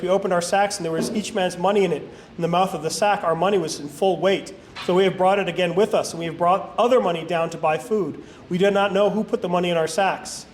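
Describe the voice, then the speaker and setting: A man leading a Bible study, reading scripture aloud with casual asides, often stumbling and correcting himself. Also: high-pitched. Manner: halting reading, frequent self-corrections and fillers.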